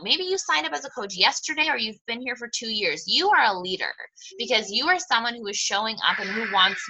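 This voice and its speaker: A woman's voice: fairly high pitch, bright, forceful tone, highs cut off. A woman coach giving a motivational talk to her team, candid and emphatic, with mild swearing and self-deprecating humor.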